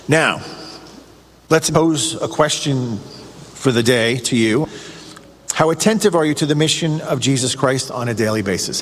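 A man's voice: medium pitch, husky, long reverb tail. A man preaching a radio sermon, earnest and emphatic, with lots of rhetorical questions. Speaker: radio show host giving a reflection.

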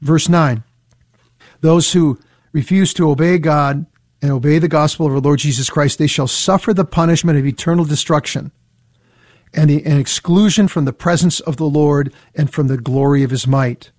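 A man leads a Bible study, reading passages slowly before breaking them down. His voice sits a touch high, and the sound is close and dry with no room behind it. He talks with steady, earnest conviction. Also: no room sound. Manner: reads verses slowly, then explains with earnest emphasis. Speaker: Bible teacher. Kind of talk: scripture reading and commentary.

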